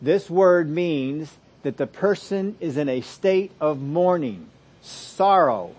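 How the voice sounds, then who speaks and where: Male pastor preaching and teaching; fairly high voice, emphatic then hushed. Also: animated, slow pace, breathy edge. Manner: expository preaching, swings from loud emphasis to soft asides. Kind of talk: sermon.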